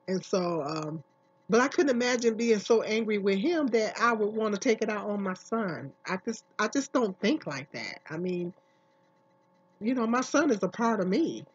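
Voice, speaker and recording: A woman's voice: mid-range voice, animated, moderate pace, husky. A woman vlogger giving casual, emphatic commentary, repeating herself and asking many questions. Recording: dull lo-fi recording.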